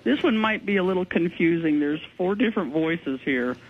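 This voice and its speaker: Husky-voiced woman on a muffled line. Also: on the low side, animated, moderate pace. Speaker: ghost investigator guest. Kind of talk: radio interview.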